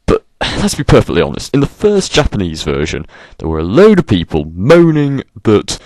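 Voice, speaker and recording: Exasperated ranting man, swinging pitch. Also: wildly swooping pitch, moderate pace, no room sound. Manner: exasperated, sarcastic, swears freely. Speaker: vlogger. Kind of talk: ranting monologue.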